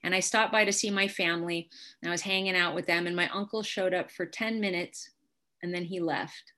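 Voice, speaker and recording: A woman with a somewhat low voice tells her recovery story frankly and with dry humor. She lets her voice drop quiet and close at the heavy moments, then picks back up with wry asides. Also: fairly even intonation, fairly quick. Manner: candid, wry storytelling with sudden quiet drops. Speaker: speaker sharing recovery story. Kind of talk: personal testimony talk.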